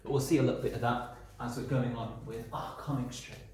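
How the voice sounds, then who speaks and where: A man's voice: medium pitch, fairly even intonation, a little fast, a little mellow. A man teaching young children in a recorded lesson. He talks in a friendly, encouraging way, explains step by step as he draws and often checks in with "okay?". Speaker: primary school teacher. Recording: very echoey room.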